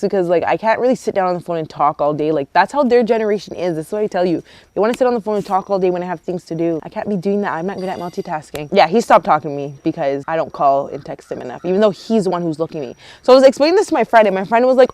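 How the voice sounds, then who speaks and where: A young woman from Canada vlogging outdoors, chatty and animated, telling a storytime with lots of quoted dialogue. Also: on the low side, rapid-fire, no echo. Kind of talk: casual storytime vlog. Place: outdoors near a yard with roosters and hens. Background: roosters and hens.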